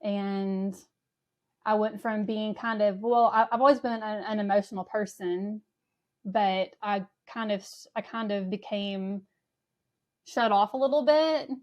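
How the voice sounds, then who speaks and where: A woman's voice: medium pitch, fairly even intonation, measured pace, a little mellow. A woman talking about her inner life in a casual interview, hesitant and often laughing as she searches for words. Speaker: guest. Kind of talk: casual conversation.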